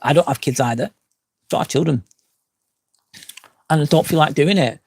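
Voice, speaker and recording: A man's voice: fairly high pitch, moderate pace, darkish tone, slight background noise. A man in his forties, tipsy and slurring, chatting frankly on a live stream and answering comments outdoors at night, swearing often as he rambles. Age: 40s. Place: outdoors at night by a campsite fire pit.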